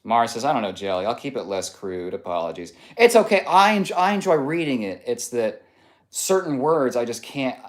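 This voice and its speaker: A man hosting a relaxed live stream, reading viewer comments aloud and riffing on them with easy laughter. His pitch moves around a lot, rising and falling as he jokes. He talks in a casual, chatty way from an indoor setup. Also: moderate pace. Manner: playful, laughs often, reads comments aloud.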